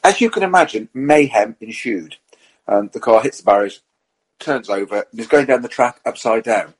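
A middle-aged man with a husky, slightly breathy voice, spinning racing yarns in casual podcast chat. He is a lively storyteller who puts on the voices of the people he quotes. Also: mid-range voice, moderate pace, rough recording. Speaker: podcast panelist and racing driver. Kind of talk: anecdotal motorsport chat.

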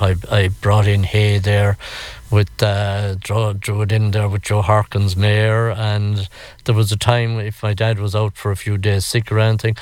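Older irish man, low voice, rambling warm reminiscence, dry close sound. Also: no room sound. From Ireland. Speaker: interviewee. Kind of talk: reflective storytelling.

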